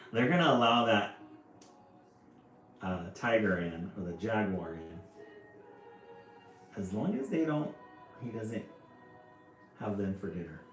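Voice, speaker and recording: Male storybook reader, fairly low voice, chatty asides, echoey room. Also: slow pace, long pauses. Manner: lively, chatty asides about the pictures. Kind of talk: reading a picture book aloud with commentary. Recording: echoey room, faint music.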